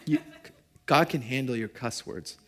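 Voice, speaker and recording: A man's voice: medium pitch, unhurried. Young male pastor, chatty sermon style, mid-range voice, questions to the congregation. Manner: conversational, swings from loud to hushed. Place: church service before a congregation.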